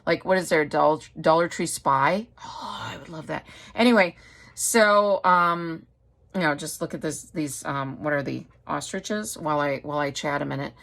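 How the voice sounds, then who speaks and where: A middle-aged woman craft vlogger talks in a loose, rambling way. She laughs often as she chats. Her voice sits a little low for a woman. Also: normal speed, a bit bright. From Wisconsin. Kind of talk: casual chat.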